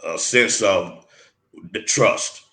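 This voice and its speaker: A man's voice: low-pitched, extremely slow, bright, forceful tone, roomy sound, low-quality recording. A man interviewed as a mentor, talking earnestly and emphatically, often restarting and repeating words. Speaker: guest mentor.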